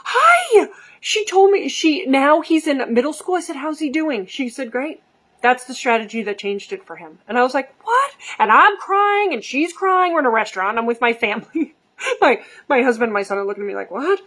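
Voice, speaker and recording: A middle-aged woman, a behavior coach, telling a story casually to camera and acting out the quoted voices with lively energy. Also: high voice. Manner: animated, acts out quoted voices.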